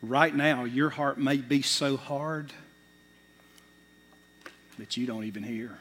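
Impassioned preacher in a reverberant hall. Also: male voice, mid-range voice, slow. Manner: impassioned, swinging from loud bursts to hushed asides. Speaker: pastor. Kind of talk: sermon. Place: church sanctuary. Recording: long reverb of a large hall.

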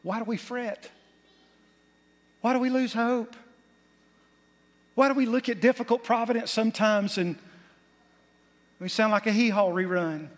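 High-voiced preacher in a hall. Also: male voice, fairly even intonation, unhurried, long pauses. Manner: preaching with rising emphasis, folksy asides. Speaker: pastor. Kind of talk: sermon. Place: church sanctuary. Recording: long hall reverb.

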